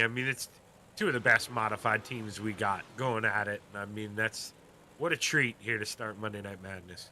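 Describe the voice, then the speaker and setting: A man working as color commentator, chatting loudly and emphatically about the race and interviewing drivers. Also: fairly low pitch, normal speed, a little hiss or hum.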